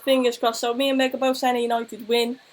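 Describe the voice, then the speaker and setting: A woman's voice: fairly high pitch, level tone, quick pace, low-quality recording. Chatty woman hosting a stream. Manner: chatty, thanks viewers, tells anecdotes. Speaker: co-host of a football chat show. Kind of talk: casual live-stream chat.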